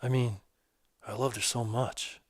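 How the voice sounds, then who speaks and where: A man voicing a divorced man in middle age opening up earnestly about an old hurt, in casual, halting speech. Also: medium pitch, flat delivery, no echo, clean studio sound, close to an everyday voice.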